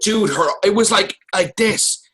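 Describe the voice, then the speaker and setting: Excitable, profane man recapping TV. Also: high-pitched, a little slow, crowd noise, rough recording. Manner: excitable, profane, animated storytelling. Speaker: podcast host. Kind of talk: casual chat.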